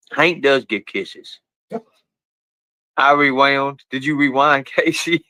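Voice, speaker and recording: A man chatting casually on a live stream, talking to his pets and viewers in rough, colloquial speech and swearing freely. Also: medium pitch, slow, long pauses, bright, forceful tone, no echo, poor audio.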